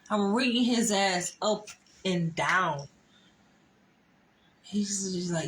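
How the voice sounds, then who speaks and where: A woman's voice: fairly low pitch, unhurried, a bit bright, low-quality recording. A woman telling a story in a vlog, swearing often, laughing and stressing her words. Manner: profane, laughing, emphatic. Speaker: vlogger. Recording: faint background noise.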